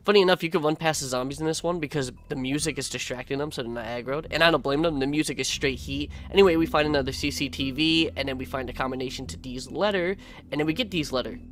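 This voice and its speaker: A man's voice: fairly high pitch, fast, fairly bright tone. A man giving a casual, laid-back voice-over of his own gameplay, swearing freely and adding sarcastic asides. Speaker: gaming video creator.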